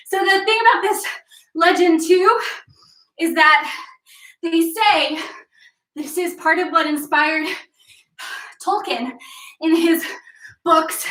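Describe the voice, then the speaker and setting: A young woman leading a live workout class, telling a legend in a playful, energetic way while cueing moves. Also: very high voice, distant mic. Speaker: fitness instructor. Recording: echoey room, voice off-mic.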